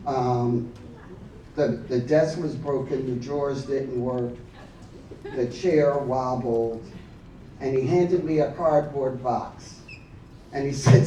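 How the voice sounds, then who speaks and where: A man telling a personal story at a memorial gathering, laughing often and acting out quoted lines loudly. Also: mid-range voice, a little hiss or hum. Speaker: memorial speaker. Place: large hall. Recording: echoey hall, mic from far off.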